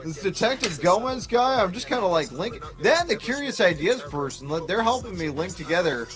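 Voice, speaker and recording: A man's voice: high voice, big pitch swings, fairly quick, music in the background. A man livestreaming an angry, profane, confrontational rant at people who talk about him.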